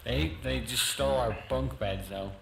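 A man's voice: mid-range voice, moderate pace, gravelly, a bit bright, reverberant, slight background noise. A man acting goofy and playful in a comedy skit. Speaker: sketch comedian.

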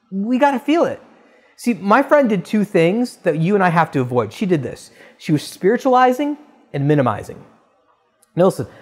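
A man, a pastor giving a conversational, earnest sermon and often calling his listeners "guys". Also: sits high.

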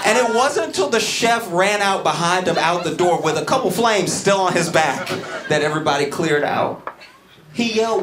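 A man from Louisiana doing a stand-up set in a comedy club, acting out quoted voices and yelling the punchlines. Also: high voice, normal speed, noisy background. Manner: animated, acts out quoted voices with loud yelling bits. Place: comedy club stage with audience. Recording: roomy club sound with loud audience.

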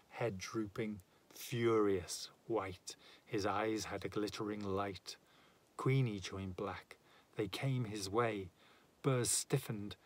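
A man reading a narrative poem aloud in a measured, dramatic way. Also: lowish voice. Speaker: reader.

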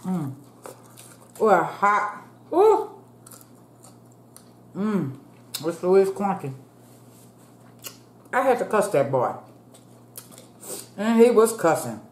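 Speaking slowly with long pauses, a woman in her fifties uses a fairly low, expressive voice while eating and chatting casually to viewers. The food vlogger calls her audience "y'all" and prays aloud, and the recording has an echoey room sound.

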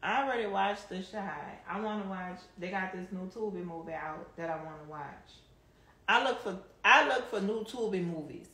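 A woman speaks at a moderate pace in a medium-pitched voice, answering viewer comments on a live stream and laughing often. Her talk is casual, with a strong Southern drawl and relaxed slang. She's recorded on a phone in an echoey room with a faint hum.

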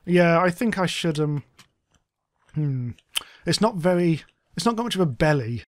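A man's voice: on the high side, animated, moderate pace, no echo. A young man co-hosting a gaming video, chatting casually while he builds, jokey and rambling. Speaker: gaming channel co-host. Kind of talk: casual gameplay chat.

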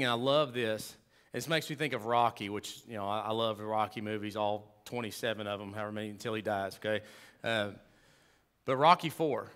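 A man preaching a sermon as pastor, emphatic and conversational, swinging from loud to hushed with humorous asides. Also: mid-range voice.

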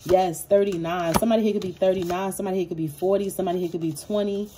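A woman's voice: fairly low pitch, fairly even intonation, rapid-fire, dark tone, slight background noise. A woman giving a casual tarot reading, speaking straight to her viewers with street slang, swearing and loose, rambling asides. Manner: addresses viewers directly and affectionately. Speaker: tarot reader.

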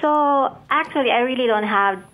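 A woman's voice: sits high, normal speed, a bit bright, poor audio. A woman, calling into a show and chatting in a giggly way. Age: 20s. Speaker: caller. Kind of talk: call-in phone conversation.

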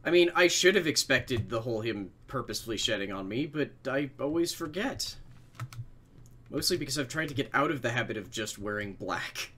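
A man's voice: medium pitch, expressive, fairly quick, bright, forceful tone, a little hiss or hum. Rambling, swearing game streamer guy. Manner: rambling, self-deprecating, swears freely. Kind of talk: casual chat while livestreaming a game.

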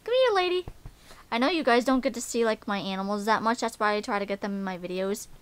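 A woman's voice: mid-range voice, fairly even intonation, fast talker, smooth. A young woman vlogging casually, rambling with lots of "like" and "um". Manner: rambling, many "like" and "um" fillers; gushing baby talk to pets. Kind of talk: casual vlog chat.

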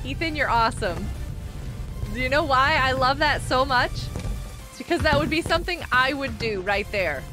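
Over music, a bubbly woman with a high voice streams a game at normal speed, gushing excitedly, reading viewers' comments aloud and offering thanks.

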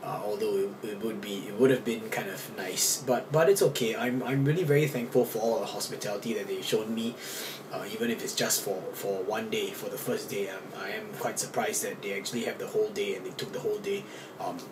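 A man's voice: lowish voice, brisk, hardly any pauses. A young man chatting casually in a vlog, full of fillers and restarts as he talks into a handheld camera. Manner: rambling, with many fillers and restarts. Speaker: vlogger, dancer. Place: hotel room, then a cold street at night. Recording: camera audio with clear background noise.

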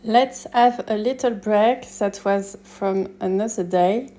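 Soft music plays behind a woman whose mid-range voice moves slowly. She's a personal shopper and stylist narrating a vlog across Paris shops and a rooftop, chatty, relaxed and excited about each piece.

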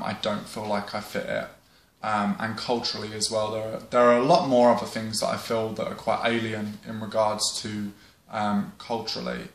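A man's voice: fairly low pitch, gravelly, fairly bright tone. Young man, casual vlog chat, rambling, lots of ums, swears, echoey room. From England. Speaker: vlogger. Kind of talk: casual talk to camera. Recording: roomy echo.

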